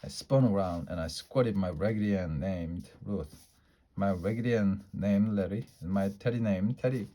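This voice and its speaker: A man with a fairly low voice reads a children's book aloud. He keeps it lively and playful. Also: moderate pace. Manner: lively, playful character voices in a child's first-person story. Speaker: storybook reader.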